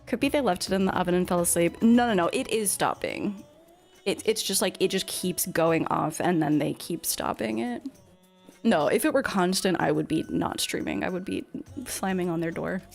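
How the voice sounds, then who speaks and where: A woman's voice: fairly low pitch, moderate pace, vocal fry, soft background music. A woman live-streaming a game, chatting casually with viewers in a chatty, giggly way.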